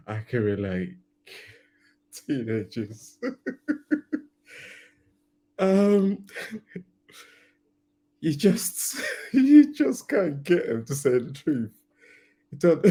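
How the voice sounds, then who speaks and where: A man's voice: fairly high pitch, mellow. A man hosting a reaction video, laughing often and musing aloud about what he just watched. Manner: laughs often, muses slowly with restarts. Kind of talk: casual reaction commentary.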